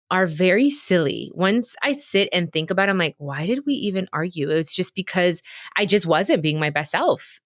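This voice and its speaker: A woman's voice: sits low, fairly bright tone, no room sound, studio quality. A woman in her thirties hosting a podcast, talking about her marriage in a candid, emotional way and speaking straight to her listeners. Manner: emotional, confiding, addresses listeners directly. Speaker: podcast host. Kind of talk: candid casual chat.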